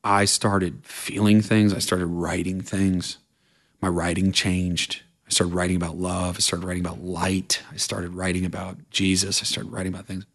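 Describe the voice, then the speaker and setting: A man's voice: low-pitched, flat delivery, moderate pace, gravelly. A man from Vermont, a country singer, telling his life story earnestly in a casual interview, words tumbling out in long run-on sentences. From Vermont, USA.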